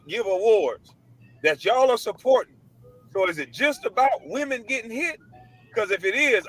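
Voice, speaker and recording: High, bright-voiced man ranting emphatically. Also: poor audio. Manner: emphatic, preachy, repeats his points; blunt, casual slang. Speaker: online commentator. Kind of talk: ranting monologue to camera. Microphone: computer mic.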